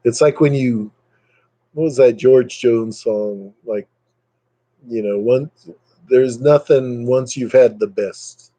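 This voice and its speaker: A man rambles and jokes through a casual live stream with his viewers. His pace is unhurried and his tone dark and mellow. The sound is dry and close, with no room around it. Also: no room sound, poor audio. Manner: rambling, joking, puts on silly high voices for quotes.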